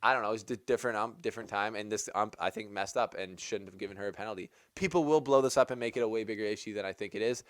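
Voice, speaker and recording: A man's voice: on the low side, very fast, few pauses, dry recording, clean studio sound. A man hosting a tennis channel, giving casual opinion commentary in a chatty, rambling way with lots of "like". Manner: chatty, rambling, heavy use of "like".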